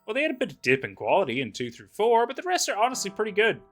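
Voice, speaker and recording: A man's voice: high-pitched, wildly swooping pitch, very fast, a bit bright, soft background music, pitched above the performer's own voice, heavily acted. A man voicing a sweet, earnest young man on a date in a narrated game, friendly and eager.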